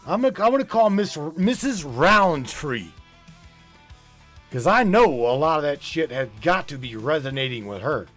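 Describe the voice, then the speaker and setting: A man hosting a live call-in show, playful and teasing, with drawn-out exclamations. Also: fairly high pitch, very animated, a bit bright, faint music behind.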